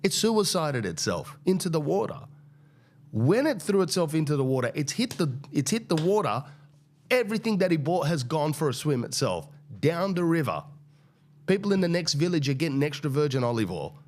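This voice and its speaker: A man hosting a podcast, telling a comic story in a blunt, crude, animated way. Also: a little high, normal speed. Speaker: podcast host. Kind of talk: comedic storytelling rant.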